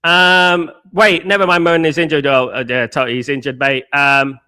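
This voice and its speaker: Man, live show host, combative, slangy, rhetorical questions, slightly high voice. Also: level tone, normal speed, pushed and bright, clean tone. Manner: casual slangy banter. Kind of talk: live fan show answering chat.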